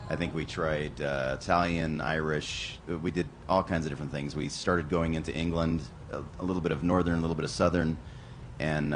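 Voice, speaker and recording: A man who is a voice actor, answering fan questions on a convention panel in a relaxed, self-deprecating way. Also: rumbling low, a little hiss or hum.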